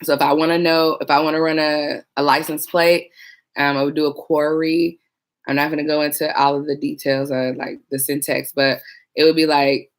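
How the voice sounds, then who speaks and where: A woman with a low-sitting, steady voice and a moderate pace chats casually on a livestream. A former police dispatcher, she laughs as she talks to viewers about trainees and mimics her coworkers.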